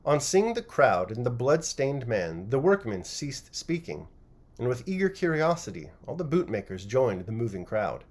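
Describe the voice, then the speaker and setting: A man narrating a classic novel chapter by chapter as an audiobook reader, with an expressive, varied reading. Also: medium pitch, moderate pace.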